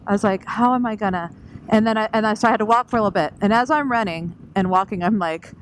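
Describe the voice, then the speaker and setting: A woman vlogging from her scooter while riding, telling a story in a lively way, acting out what people said and laughing often. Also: medium pitch, fast talker. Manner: animated, laughing, acts out quotes. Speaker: scooter rider vlogging on the road. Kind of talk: casual storytelling vlog. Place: on a scooter on the open road. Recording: wind and engine noise.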